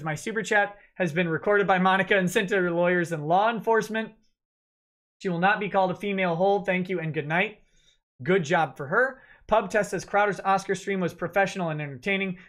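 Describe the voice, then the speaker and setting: Male livestream host, high voice, reads chat messages with dry offhand quips. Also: a bit bright. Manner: wry offhand asides between messages. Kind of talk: reading out viewer super chats on a livestream.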